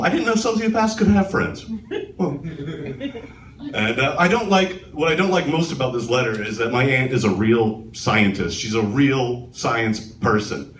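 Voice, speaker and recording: A man's voice: medium pitch, lively intonation, moderate pace, a bit bright, a little hiss or hum. A man doing a live stand-up set on a comedy club stage, with a sardonic, self-deprecating delivery, recorded from a distance in an echoey club.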